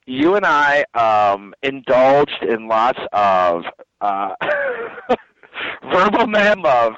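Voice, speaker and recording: A man co-hosting a podcast chats in a jokey, animated way, and his pitch rises and falls a lot. The recording sounds dry and slightly dull. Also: very slow, clear, resonant tone, no echo. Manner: jokey, animated, slips into goofy high voices. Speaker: podcast co-host. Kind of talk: casual chat.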